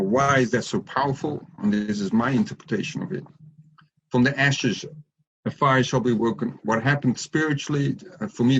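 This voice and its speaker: A middle-aged man, a life coach, telling his story earnestly in an interview, with reflective pauses and restarts. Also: mid-range voice, slightly rough. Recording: muffled lo-fi audio.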